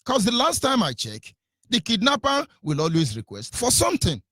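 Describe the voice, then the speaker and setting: A man's voice: very high voice, wildly swooping pitch, normal speed, fairly bright tone, no echo, clean studio sound. A man with a Nigerian accent giving impassioned, mocking political commentary on the radio. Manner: fiery, mocking, mimics voices.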